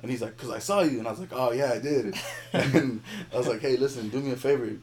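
A young man, a podcast guest, telling a story in casual chat, animated and laughing as he acts out the people in it. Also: mid-range voice, fast, slight background noise.

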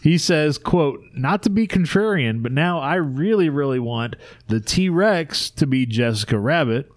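A man's voice: on the high side, expressive, a little slow, no room sound, studio quality. A man hosting a casual podcast chat, explaining a segment and laughing often with his co-hosts. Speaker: podcast host.

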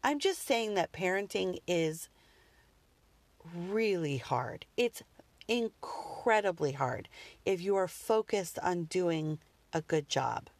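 A woman in her thirties hosting a personal podcast, talking earnestly and reflectively with frequent pauses and restarts. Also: fairly low pitch, lively intonation, no echo. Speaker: podcast host.

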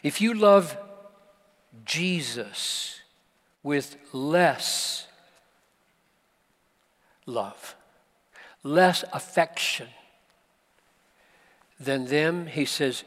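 A man preaching a sermon at a conference, slow and emphatic, with dramatic pauses. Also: fairly high pitch, animated, a bit bright. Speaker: pastor. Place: large conference hall. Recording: live hall recording with long reverb.

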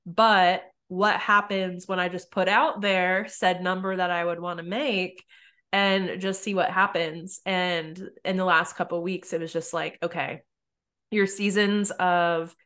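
A woman hosting a podcast, telling stories in a casual, animated way with lots of "like". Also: lowish voice, measured pace. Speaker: podcast host. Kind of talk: casual interview chat.

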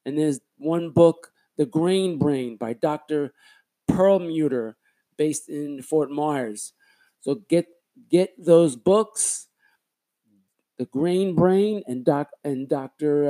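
Hosting a podcast on his own, this man rambles in a relaxed, talkative way and frequently fixes his wording mid-sentence. His voice is on the high side with a dark tone.

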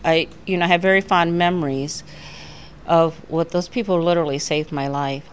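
A woman's voice: on the low side, fairly even intonation, moderate pace, slight background noise. A middle-aged woman speaking at a recovery meeting, telling her story in a heartfelt way and laughing often.

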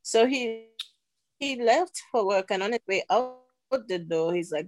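A middle-aged woman sharing a personal testimony as a podcast guest, earnest and unhurried with pauses. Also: mid-range voice, animated. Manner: earnest, slow storytelling with pauses.

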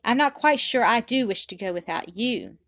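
A woman's voice: a little high, animated, normal speed, fairly bright tone, no echo. A woman reading aloud voices a dutiful little girl who speaks earnestly and politely. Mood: tender pleading.

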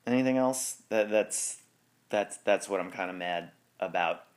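A man's voice: low voice, unhurried. A man hosting a sports podcast in casual chat, rambling and correcting himself, with frequent laughs. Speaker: podcast host.

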